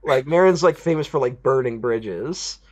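A man co-hosting a casual film review podcast, animated and profane, slipping into mocking voices of characters. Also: medium pitch, normal speed.

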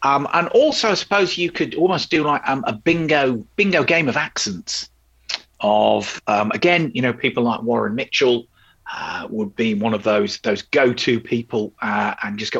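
Here a male podcast co-host rambles through a casual conversation about old TV, full of fillers and false starts. He speaks at a moderate pace in a lowish, slightly bright, husky voice, recorded with lo-fi sound.

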